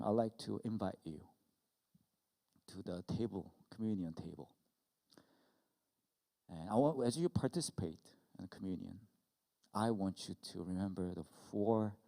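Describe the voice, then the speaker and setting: A middle-aged man preaching a sermon, who tells stories with animation and acts out scenes loudly. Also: fairly low pitch, measured pace, vocal fry, pauses often, in a large hall. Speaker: pastor. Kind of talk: sermon with personal story.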